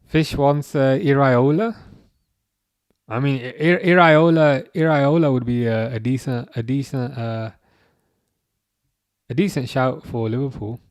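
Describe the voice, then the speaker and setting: A man in his thirties hosting a live football watchalong, chatting casually and reading out comments, with a halting, restarting way of talking. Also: medium pitch, fairly even intonation, a little mellow, no room sound. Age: 30s. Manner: halting, many restarts, chuckles often.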